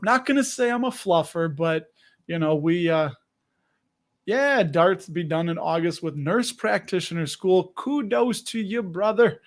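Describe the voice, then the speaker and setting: A man hosts a casual livestream, chatty and friendly as he greets viewers by name. His voice sits fairly high, and he sounds a little out of breath. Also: expressive, unhurried. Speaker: livestream host.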